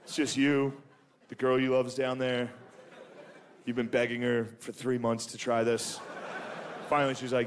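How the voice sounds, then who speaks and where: Dude telling dirty jokes on a podcast, keeps cracking himself up, swears a lot, noisy recording. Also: male voice, medium pitch, little pitch movement, normal speed, long pauses. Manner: profane, laughs through his own stories. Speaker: podcast host. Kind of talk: crude comedic storytelling. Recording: noisy background.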